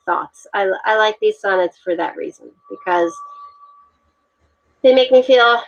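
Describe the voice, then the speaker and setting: Woman guest on a livestream, chatty, halting with ums and restarts, dull lo-fi call audio. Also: medium pitch. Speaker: wine guest. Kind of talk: casual livestream chat. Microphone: video call.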